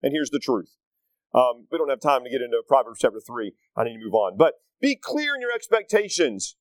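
A man's voice: medium pitch, sing-song, fairly quick, no echo, poor audio. A middle-aged man, preaching a conversational sermon with folksy asides to the congregation. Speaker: pastor.

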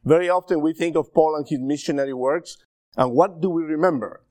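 Spanish-accented preacher, dry close sound. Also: male voice, on the high side, fairly quick, warm tone, no room sound. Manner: conversational, checks in with the audience. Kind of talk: sermon.

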